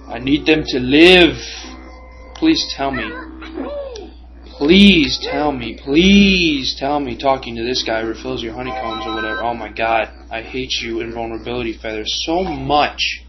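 A young let's play gamer with a medium-pitched, somewhat slow voice comments casually while playing a video game, getting frustrated and cursing at the enemies on screen. Game music plays behind him on a dull lo-fi recording.

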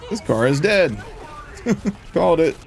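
Excitable gravelly man streaming a game. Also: on the high side, a little slow, some chatter behind. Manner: excitable, laughs often, jokey. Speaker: gaming streamer. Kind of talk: casual gameplay commentary.

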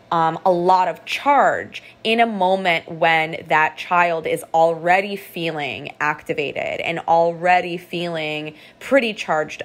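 A woman art therapist giving a calm, reflective motivational podcast talk, guiding listeners through a visualization. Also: on the low side.

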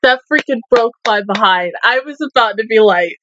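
A woman's voice: fairly high pitch, normal speed, few pauses, fairly bright tone, no echo, lo-fi sound. A young woman reviewing an anime in an emotional, casual reaction, swearing often and breaking into laughs while holding back tears. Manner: emotional, swears a lot, laughs between words. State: tearful at times.

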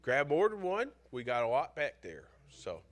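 A man's voice: fairly high pitch, wildly swooping pitch, moderate pace, a little hiss or hum. A congested man, a pastor, giving casual announcements to his church during a worship service. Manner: casual, informal. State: congested from pollen. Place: church sanctuary.

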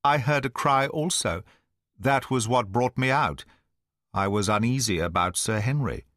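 A man's voice: medium pitch, expressive, unhurried, a bit bright, no room sound, studio quality. A man reading the part of a sly, nervous male naturalist who feigns polite concern, asking probing questions. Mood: wary. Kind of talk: audiobook dialogue reading.

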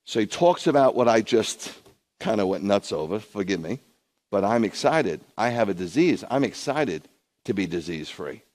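A man's voice: sing-song, normal speed. A man, a rabbi, preaching a sermon to a streamed congregation, conversational with viewers at home and rising into emphatic bursts. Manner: emphatic preaching, surges high and loud in bursts.

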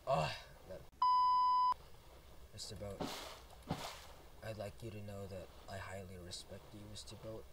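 A man's voice: lowish voice, fairly even intonation, measured pace, pauses often. A young man casually commenting on his own game as he plays, goofy and swearing a lot, talking to himself in bursts. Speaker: gameplay video host. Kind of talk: solo let's play commentary. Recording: distant mic, loud background noise.

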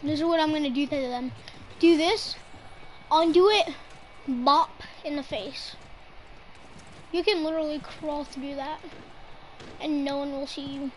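A woman streaming her gameplay, giving excitable live commentary and teasing her teammates in mock outrage. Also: high voice, a little slow, long pauses, slight background noise, poor audio. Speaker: gamer streaming her play.

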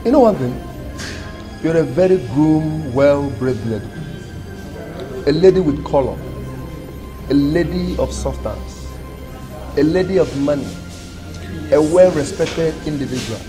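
A smooth-talking Nigerian friend, coaxing and flattering in a lively, fairly high voice. Music runs under the scene. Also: male voice, a little slow, long pauses. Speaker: peacemaking friend. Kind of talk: Nollywood film acting.

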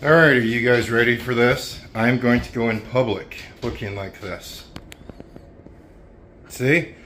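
An easygoing man rambles through a casual vlog with plenty of fillers, filming in and around his pickup. His voice sits at an ordinary pitch for a man. Steady vehicle and outdoor noise runs under everything he says. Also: a little slow. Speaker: trucking vlogger. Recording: noisy outdoor vehicle recording.

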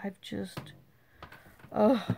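A woman's voice: mid-range voice, steady tone, extremely slow, gravelly, a little hiss or hum. A woman hosting a crafting video, chatting and telling a rambling story while she works on journal cards. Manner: rambling, repeats "I said" and "you know"; warm, gossipy and easily amused. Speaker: crafting channel host.

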